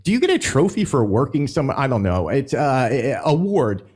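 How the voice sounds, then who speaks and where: A man's voice: medium pitch, sing-song, normal speed, a little mellow, husky. Chatty man rambling through park news. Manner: chatty, rambling, stumbles when reading announcements aloud. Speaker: theme park news vlogger. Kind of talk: casual news chat.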